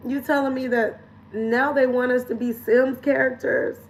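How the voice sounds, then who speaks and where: A woman coach talks straight to camera in a candid, chatty vlog. Her voice sits a little high for a woman. She speaks frankly and loosely and drops in the odd swear word. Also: fairly even intonation, moderate pace, slight background noise, rough recording. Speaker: lifestyle coach and vlogger.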